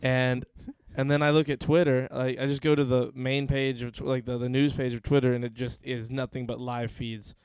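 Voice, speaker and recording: Man, podcast host, casual chat, sarcastic, animated storyteller, clear resonant voice, dry close sound. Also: medium pitch, normal speed, hardly any pauses, no room sound. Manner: sarcastic, animated storyteller who acts out quotes.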